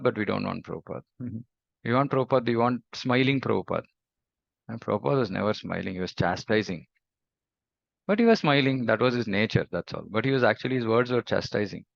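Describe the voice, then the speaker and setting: A man's voice: mid-range voice, gravelly, no room sound. A man giving a scripture lecture as a spiritual teacher, emphatic and repeating points for stress. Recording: dull lo-fi recording.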